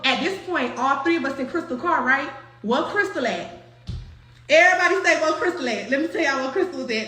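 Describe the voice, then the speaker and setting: A young woman with a high, bright voice tells a story to her viewers. She talks in an animated, profane and slangy way, restarts her sentences often, and the room around her echoes. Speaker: storyteller recounting a night out. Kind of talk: casual storytelling to an online audience. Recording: roomy echo.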